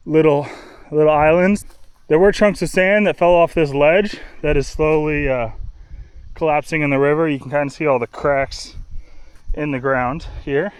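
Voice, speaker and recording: A man's voice: a little high, clear, resonant tone, dry recording. A man casually narrating his kayak trip outdoors, easygoing and rambling with fillers. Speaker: kayaking vlogger. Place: outdoors on a river island and kayak. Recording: faint outdoor noise.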